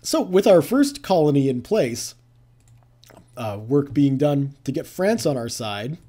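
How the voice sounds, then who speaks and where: A man talks through a strategy game in a relaxed, chatty way, thinking aloud and tossing in playful jabs. His voice is mellow and dark, and it rises and falls a lot as he goes. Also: medium pitch, measured pace. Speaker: gameplay commentator. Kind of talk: casual let's-play commentary.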